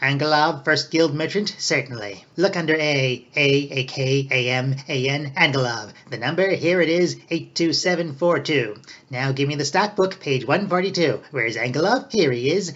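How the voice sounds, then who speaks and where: Casting: a man playing a fawning old clerk, fairly high voice, dull lo-fi sound. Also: moderate pace, a bit bright. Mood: fussy. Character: greedy, fawning old male record-keeper. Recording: dull lo-fi recording.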